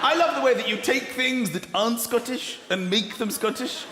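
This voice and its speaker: A man doing a stand-up comedy set, mocking and animated, talking straight to the audience in a live venue. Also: very high-pitched, moderate pace, background noise. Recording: echoey hall with loud crowd laughter.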